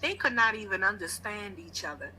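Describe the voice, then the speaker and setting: A woman's voice: mid-range voice, animated, brisk, bright, forceful tone, slight background noise, rough recording. A woman in a podcast discussion, talking in a sassy, lecturing way and calling people sweetheart and baby. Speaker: podcast guest. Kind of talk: casual chat.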